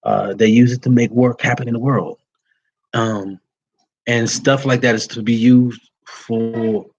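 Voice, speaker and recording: Casting: plain-spoken male Vodou priest, mid-pitched, casual address to followers, slightly dull audio. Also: steady tone, measured pace, darkish tone, husky. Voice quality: folksy and plain-spoken, uses y'all. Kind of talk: casual livestream talk to followers.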